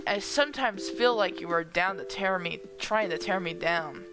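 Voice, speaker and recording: A woman's voice: lowish voice, normal speed, close to an everyday voice. A woman voicing an insecure, volatile young woman partner in a visual novel, defensive and explosive, her voice cracking. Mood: hurt. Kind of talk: reading visual novel dialogue aloud. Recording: phone-like line with music behind.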